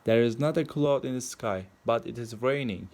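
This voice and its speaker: A man voicing a small, gentle male bird in a plainly read storybook. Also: mid-range voice, normal speed, natural voice.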